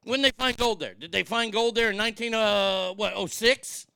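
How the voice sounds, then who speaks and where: A man's voice: high voice, normal speed, vocal fry, clean tone, dry recording. A man hosting a radio show, ranting angrily and swearing, feeling sick after being up all night. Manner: profane, ranting, shouting in outbursts. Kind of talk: angry talk radio rant. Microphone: broadcast board mic.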